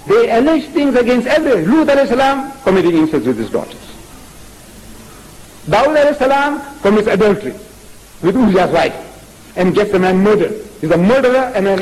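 High, animated male preacher. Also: low-quality recording. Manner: animated, fiery rhetorical questions. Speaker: Islamic preacher. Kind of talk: religious lecture.

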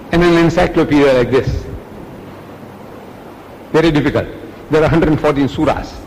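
A man's voice: on the high side, darkish tone, a little hiss or hum. A man preaching an Islamic lecture, telling stories with acted quotes and firing off rhetorical questions. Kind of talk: public religious lecture. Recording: echoey hall, faint ambience.

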